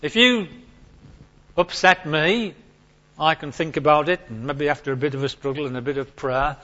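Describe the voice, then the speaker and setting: A man preaching a sermon to his congregation, emphatic and animated, repeating his key points. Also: on the high side, moderate pace, muffled recording.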